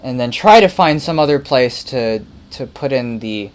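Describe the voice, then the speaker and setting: A man's voice: medium pitch, expressive, normal speed. A man casually thinking aloud while making music on a livestream, muttering, playful and rambling.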